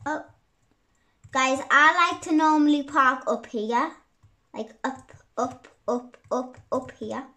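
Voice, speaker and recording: A young girl chatting through her gameplay, giggly and quick to say sorry. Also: high-pitched, steady tone, pushed and bright. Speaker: gaming YouTuber. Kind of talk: casual gameplay commentary.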